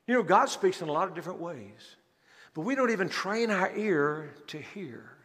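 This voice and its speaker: A male pastor preaching a sermon in a church, speaking in an animated, emphatic way and acting out scripture scenes. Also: high voice, moderate pace. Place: church sanctuary. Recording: long church hall reverb.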